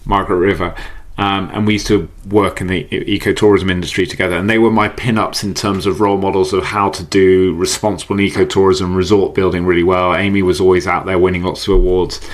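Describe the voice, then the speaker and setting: A low-voiced man talks through ideas as a podcast guest. He is chatty and animated, laughs often and restarts his sentences as he goes. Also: fast talker, hardly any pauses. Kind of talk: casual conversational interview.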